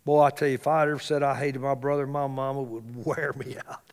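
A male pastor preaching a sermon in a church, swinging between loud exclamations and hushed asides. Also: medium pitch, level tone, fast. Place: church sanctuary. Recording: reverberant church hall.

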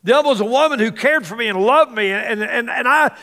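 A male pastor preaching a sermon in a church, swinging between loud exclamations and hushed asides. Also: extremely high pitch, a little fast, vocal fry. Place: church sanctuary. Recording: reverberant church hall.

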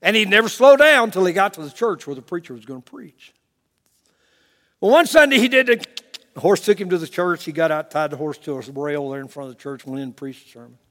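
A man preaching and telling a story, swinging from loud to hushed with chuckling asides. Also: high-pitched, animated, a little fast, big-room sound. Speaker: pastor. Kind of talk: sermon storytelling. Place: church.

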